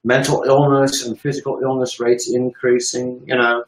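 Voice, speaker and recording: A man's voice: mid-range voice, little pitch movement, normal speed, roomy sound, poor audio. A man in a profane, emphatic ranting monologue, swearing heavily to make his point. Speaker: commentator.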